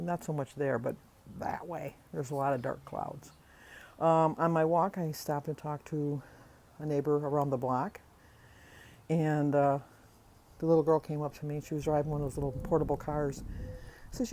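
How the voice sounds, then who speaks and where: A woman's voice: low-pitched, steady tone, normal speed, dark tone. An older woman, a grandmother, chatting casually in her daily vlog and telling stories with frequent laughs. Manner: chatty storytelling, laughs often. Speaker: vlogger.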